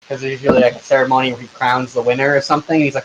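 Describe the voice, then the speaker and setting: A man's voice: medium pitch, level tone, racing, dull audio, a little hiss or hum. A man running a tabletop game online, narrating loosely with lots of filler words. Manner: loose, rambling, with many fillers. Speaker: game master.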